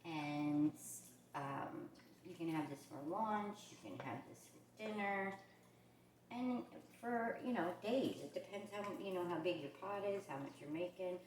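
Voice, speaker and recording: Woman, New York accent, low voice, chatty and rambling, echoey kitchen, background noise. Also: animated, unhurried, a little mellow. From New York and New Jersey area. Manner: chatty, rambling, with many fillers. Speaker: cooking channel host. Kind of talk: casual cooking demonstration. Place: home kitchen.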